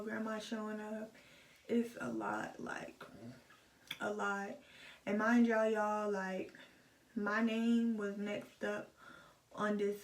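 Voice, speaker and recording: A young adult woman talking candidly to her phone camera in a storytime vlog, with lots of swearing and "like" fillers. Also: on the high side. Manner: raw, candid, profane, heavy filler "like". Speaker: vlogger. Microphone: old phone camera. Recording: roomy sound from a distant phone.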